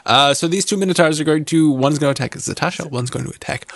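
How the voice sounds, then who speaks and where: A man narrating as game master of a tabletop game, playful, describing scenes with deliberate pauses. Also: on the high side, fairly bright tone, dry recording.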